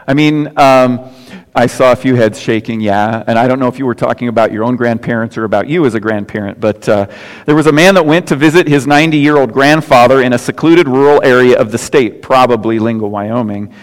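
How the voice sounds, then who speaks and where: A man's voice: medium pitch, brisk. An older man preaching a sermon as pastor, telling folksy stories and jokes with casual asides. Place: church sanctuary. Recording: long hall reverb.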